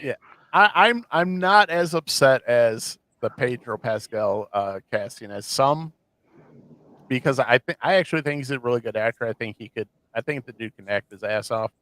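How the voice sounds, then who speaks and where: A man's voice: mid-range voice, moderate pace, fairly bright tone, no echo, poor audio. Male podcast host, casual and rambling, dry close-miked sound. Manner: rambling, many fillers and restarts. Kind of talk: casual chat.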